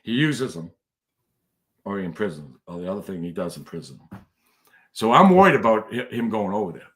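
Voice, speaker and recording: A man's voice: fairly low pitch, very animated, brisk. A man, a podcast guest telling stories in casual chat, rambling with many restarts. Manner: rambling, restarts often, bursts into laughter.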